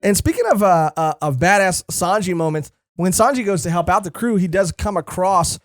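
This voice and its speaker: A man's voice: high-pitched, a little fast, no room sound, clean studio sound. A man co-hosting a podcast in a casual chat, enthusiastic and swearing freely. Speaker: podcast co-host. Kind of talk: casual chat about a comic series.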